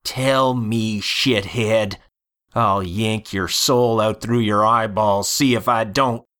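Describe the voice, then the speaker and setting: A man voicing a mean, cocky young male gunslinger with dark powers, snarling and threatening. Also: on the low side, steady tone, slow. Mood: menacing.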